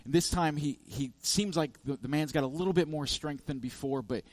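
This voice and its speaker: A man's voice: fairly high pitch, fairly quick, no echo. A man preaching a sermon, telling a parable with emphatic, repetitive lists and frequent restarts. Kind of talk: sermon storytelling.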